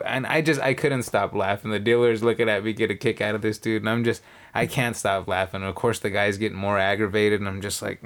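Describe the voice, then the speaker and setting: A man's voice: lowish voice, a little fast. A man co-hosting a podcast, telling a casino story in casual chat, acting out the people in it and swearing freely. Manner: animated storyteller, acts out quotes, swears casually. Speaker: podcast co-host.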